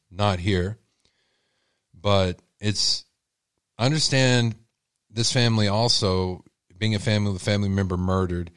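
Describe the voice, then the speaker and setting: A man's voice: on the low side, no echo, clean studio sound. A man from Texas with a Texan accent, hosting a true-crime channel and talking to his viewers in blunt, heated, rambling commentary.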